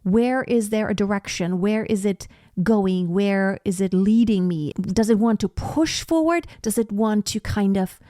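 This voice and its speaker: A woman's voice: mid-range voice, steady tone, measured pace, few pauses, warm tone, no room sound, clean studio sound. A woman opera singer casually reacting to a performance and explaining vocal technique with enthusiasm. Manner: enthusiastic, explanatory, sings short demonstration notes.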